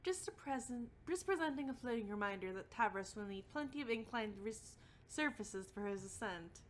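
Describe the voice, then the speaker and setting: A woman reading a calm, teasing female troll spirit from a webcomic aloud, delivering threats in a dry, deadpan way. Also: a little high, normal speed, background noise, close to an everyday voice.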